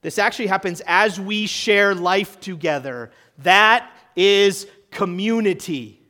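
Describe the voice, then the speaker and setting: A pastor preaching to his church in a conversational way, asking the room questions and swinging between loud emphasis and quiet, hushed lines. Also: high voice, slow pace. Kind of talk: sermon.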